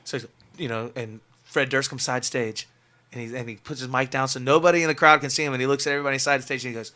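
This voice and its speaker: A man's voice: medium pitch, steady tone, fast, sharp tone. A man, a musician guest on a radio show, telling a story casually and animatedly, full of fillers and laughter.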